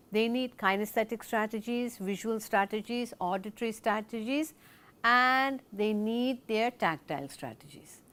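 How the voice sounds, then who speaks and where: A woman teaching a recorded lesson in a deliberate, explanatory way. She asks the viewer questions and then answers them herself. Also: mid-range voice.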